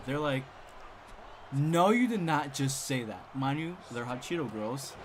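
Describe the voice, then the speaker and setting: Animated young man telling a story. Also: mid-range voice, background noise. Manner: animated, gets loud and excited when ranting. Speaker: storytime streamer. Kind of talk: casual storytelling.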